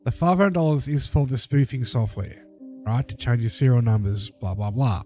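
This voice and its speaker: A man with a mellow, relaxed voice lectures his viewers in an emphatic commentary, hammering home his points over and over. His pitch sits in an ordinary middle range. Faint music runs underneath. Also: moderate pace. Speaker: commentator reacting to a video. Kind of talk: critical commentary over a clip.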